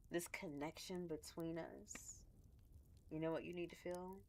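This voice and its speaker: A woman voicing an ethereal flame spirit in a dating game, reading its lines in a slow, stately, hushed regal voice. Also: fairly low pitch, steady tone, a little hiss or hum. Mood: regal, tender. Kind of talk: reading a dating sim character aloud.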